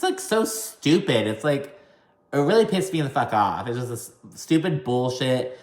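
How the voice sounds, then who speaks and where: Man doing a casual reality-show recap, swearing and sassy, recorded in a roomy, echoey space. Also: medium pitch. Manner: profane, sassy, exasperated. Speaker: recap commentator.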